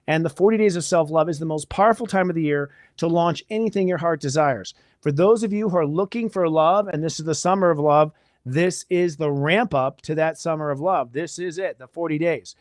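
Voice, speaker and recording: Male astrology host, casual and enthusiastic, slightly high voice, dry close sound. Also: brisk, no echo. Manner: chatty, energetic, spiritual enthusiasm. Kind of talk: casual live astrology talk.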